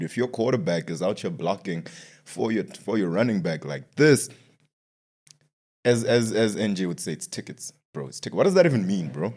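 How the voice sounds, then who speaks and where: A sports podcast host with a fairly low male voice, talking casually in slangy asides. He vents and circles back to the same complaints over and over, building a rant out of repetition. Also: expressive, normal speed, breathy edge.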